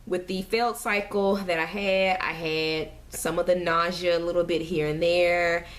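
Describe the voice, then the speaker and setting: A young woman talks through a casual vlog update in a fairly low voice. She rambles, fills gaps with "um", and sounds a bit out of breath and queasy as she goes. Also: steady tone, normal speed. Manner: chatty, rambling with many fillers. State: nauseous and out of breath. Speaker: family vlogger.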